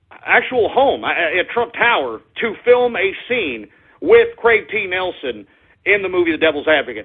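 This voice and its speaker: A man with a very high, husky voice delivers an angry talk radio rant, swearing and shouting at his audience. The sound is thin and tinny, like a phone line. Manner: impassioned, profane, repeatedly shouting at listeners. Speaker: radio show host. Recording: narrow phone-like lo-fi audio.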